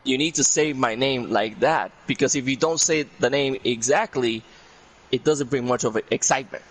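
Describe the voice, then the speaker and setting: A man's voice: mid-range voice, normal speed, a bit bright, low-quality recording. A man from Puerto Rico, a guest on a casual podcast, telling a story in a rambling way and repeating "I'm there like".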